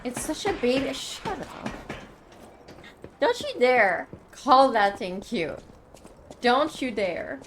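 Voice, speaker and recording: A young woman streaming a game live, reacting loudly and swearing often as she plays. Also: fairly high pitch, lively intonation, slow, noisy background. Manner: reactive, swearing, frequent outbursts. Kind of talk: live gameplay commentary.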